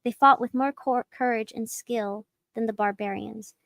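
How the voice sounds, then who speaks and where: A woman's voice: on the high side, steady tone, moderate pace, gravelly, no room sound. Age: adult. Sex: woman. Role: podcast co-host. Style: storybook reading. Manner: playful, laughing between lines.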